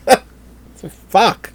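A man's voice: extremely slow, slight background noise. A middle-aged man telling an exasperated, profane story in casual chat, laughing at himself. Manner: animated, exasperated, swears often, laughs at own story.

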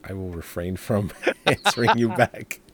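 A man's voice: fairly low pitch, measured pace, crowd noise. A man co-hosting a movie podcast in casual chat, laid-back with dry humor. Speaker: podcast co-host.

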